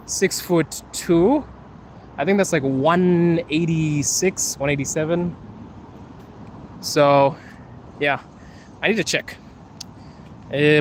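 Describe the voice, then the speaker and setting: A man's voice: on the high side, unhurried, long pauses, a little hiss or hum. Laughing, chatty young Zimbabwean man outdoors. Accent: American-leaning English. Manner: chatty, laughs often, playful. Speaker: livestream host. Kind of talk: casual livestream chat reading comments. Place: outdoors on a city street at night.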